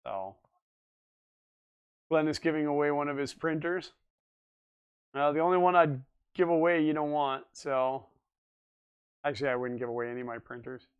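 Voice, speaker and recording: A man's voice: on the high side, normal speed, pauses often, clear, resonant tone, lo-fi sound. A man in his forties hosting a casual live stream, rambling and chatting as he answers viewers' comments. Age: 40s. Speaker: livestream host.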